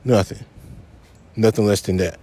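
A man with a fairly low, mellow voice speaks at a measured pace with fairly even intonation. Hosting his own podcast solo, he rants in anger and frustration, swearing heavily and repeating his points for emphasis.

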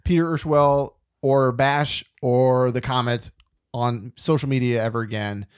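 A man's voice: medium pitch, fairly even intonation, measured pace, clear, resonant tone, dry recording, studio quality. A man co-hosting a casual movie review podcast, retelling scenes at length and quoting characters. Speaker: podcast co-host.

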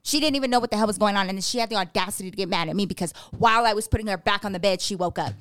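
Animated, teasing woman podcast co-host. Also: medium pitch, very fast, clean tone, no echo, clean studio sound. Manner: animated storytelling, profane and teasing. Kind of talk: casual chat.

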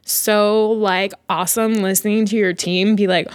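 A woman's voice: mid-range voice, unhurried. A woman who is an executive pastry chef, chatting casually and animatedly, swearing and filling her talk with "like". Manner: animated, swearing, heavy use of "like". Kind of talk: casual chat.

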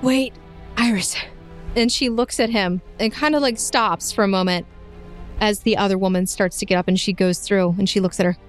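A woman narrating as game master of a tabletop game, lively and playful, often laughing. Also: medium pitch, fairly quick, soft background music.

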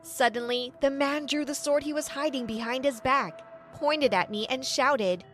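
A woman tells a first-person story in an earnest, dramatic way. Her voice sits high, with soft music playing underneath. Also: moderate pace. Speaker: story narrator.

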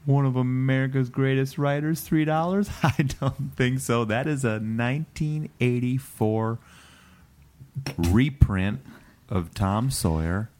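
A man's voice: medium pitch, takes it slowly, darkish tone. A man improvising as a small bookstore owner, with folksy, salesy patter. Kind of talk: improvised comedy scene.

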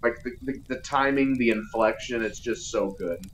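A man's voice: mid-range voice, normal speed, a bit bright, poor audio. A man co-hosting a podcast, joking his way through a casual movie review and retelling scenes in silly voices. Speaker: podcast co-host.

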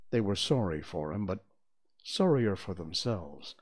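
Man reading a storybook, slow, lively voice, theatrical, lowish pitch. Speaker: reader.

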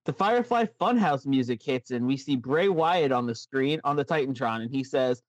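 A man's voice: mid-range voice, lively intonation, moderate pace, few pauses, no room sound. A man co-hosting a casual podcast, telling a made-up show story in a chatty way. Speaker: podcast co-host. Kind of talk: casual chat, recapping a made-up wrestling show.

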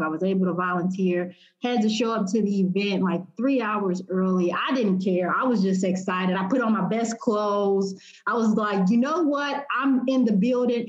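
A woman's voice: medium pitch, lo-fi sound. A young woman telling an emotional personal story as an interview guest, acting out what she and others said. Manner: animated, emotional, quotes herself and others.

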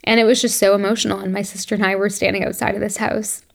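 Young woman podcast host, gravelly fry, middle pitch, reflective and teary solo chat. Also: level tone, quick pace. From Canada. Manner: reflective, emotional, laughs often. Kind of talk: casual solo monologue.

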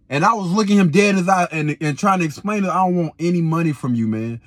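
Young male videographer, slangy animated storyteller, higher voice, dry sound. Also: fast, dry recording. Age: 20s. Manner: animated, slangy, repeats himself. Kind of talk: casual storytelling.

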